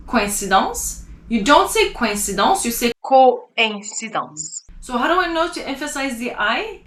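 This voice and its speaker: A woman's voice: fairly high pitch, sharp tone. A woman teaching a beginner language class, explaining step by step and repeating each word to show how it should sound. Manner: explains slowly, repeats words to demonstrate pronunciation. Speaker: French teacher. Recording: echoey room.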